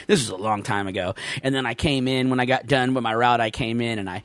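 A man's voice: medium pitch, steady tone, racing, hardly any pauses, a bit bright, no room sound. A man co-hosting a casual podcast, joking and telling laid-back stories about work. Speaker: podcast co-host.

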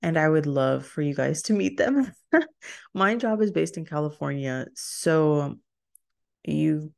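A woman's voice: sits low, lively intonation, slow, vocal fry, a little mellow. A young woman from Texas, hosting her solo podcast in a rambling, chatty way, often laughing and breaking off mid-sentence. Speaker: podcast host. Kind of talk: casual solo podcast chat.

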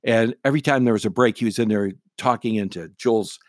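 A man's voice: on the low side, fairly quick, dry recording, studio quality. A middle-aged man, a radio talk show host, telling a story casually in a blunt, wry and irreverent way.

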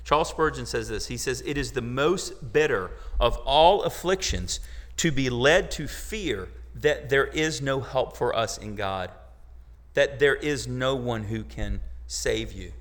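A man's voice: medium pitch, animated, a little slow, fairly bright tone. A man preaching a sermon to his congregation, talking in a conversational way with joking asides. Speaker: pastor. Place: church sanctuary. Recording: long hall reverb.

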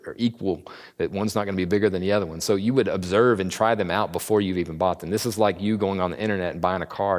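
Man, Bible teacher, casual and jokey, acts out characters, lowish voice, long hall reverb. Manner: conversational, jokey, acts out the characters in quick asides.

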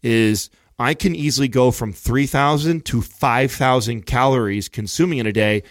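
A man's voice: mid-range voice, normal speed, dry recording, clean studio sound. A man co-hosting a podcast in casual chat, rambling and often restarting his sentences as he explains. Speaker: podcast co-host.

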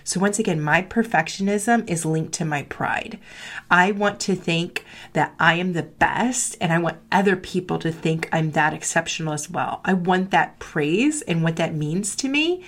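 A woman's voice: on the low side, normal speed. A middle-aged woman who coaches marketing students, speaking candidly in a heartfelt motivational talk, with a lot of "like" in her speech. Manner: candid, confessional, frequent "like", acts out quoted voices.

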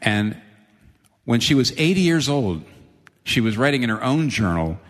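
A man preaching a sermon, animated, jumping up high when he voices the quoted lines. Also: moderate pace. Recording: long reverb of a large hall.

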